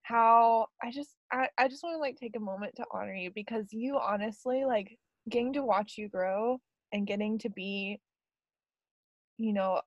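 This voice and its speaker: A young woman hosting a podcast in casual chat, bubbly and quick to laugh, filling her talk with "like". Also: fairly high pitch, no room sound, muffled recording. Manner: bubbly, laughs often, many fillers. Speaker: podcast host.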